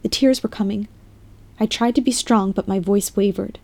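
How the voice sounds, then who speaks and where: A woman's voice: mid-range voice, steady tone, normal speed, gravelly, dark tone. A woman narrating a scripted first-person story with an emotional, dramatic delivery. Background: music bed.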